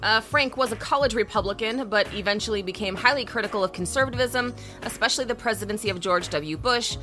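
Bright-voiced woman co-hosting a podcast. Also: fairly high pitch, fast talker, soft background music. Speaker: podcast co-host. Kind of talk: casual chat.

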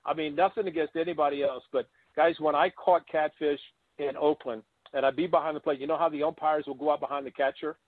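An older man, once a baseball catcher, tells animated stories as an interview guest in a slightly high voice at a quick pace, slipping into the voices of the people he quotes. The sound is thin and tinny like a phone call, and dry with no echo or room around it.

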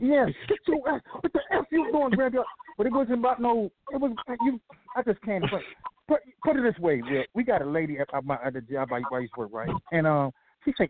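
High-voiced man rambling on a phone line. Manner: storytelling, rambling and repetitive. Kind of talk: casual sports talk. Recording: phone-like line with faint hiss.

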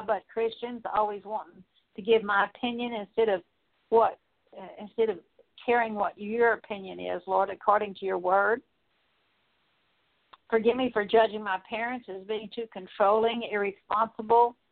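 A woman leading a spoken prayer of repentance, earnest and steady, working through a long list with frequent small fillers. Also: mid-range voice. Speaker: prayer minister. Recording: tinny phone-like line.

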